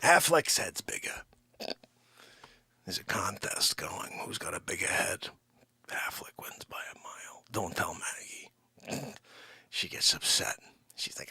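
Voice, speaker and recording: A man hosting a daily live comedy show, rambling and joking, often sliding into a low mutter between loud bursts. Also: expressive, a little slow, husky, dry recording, in a whisper, clean studio sound. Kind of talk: unscripted live comedy chat. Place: home studio with his dogs.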